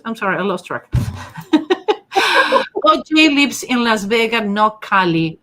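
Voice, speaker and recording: A face-reading teacher hosts a casual live stream, chatting her way through viewer comments in a strong non-native English accent. Her voice is high, pushed and bright, very animated, and slow.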